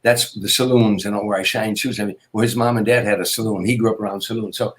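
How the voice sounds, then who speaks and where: An older man, a comedian, telling anecdotes in an interview, with repetitions and quick restarts. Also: fairly low pitch, steady tone, a bit bright. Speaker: guest comedian. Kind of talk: storytelling interview.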